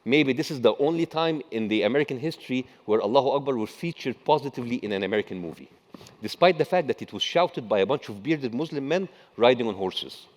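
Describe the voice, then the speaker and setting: A middle-aged man with an Egyptian accent delivers a satirical keynote, full of mocking asides. His voice sits at an ordinary male pitch. He is recorded in a large conference hall with a long, echoing reverb. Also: lively intonation, fast. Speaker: conference speaker.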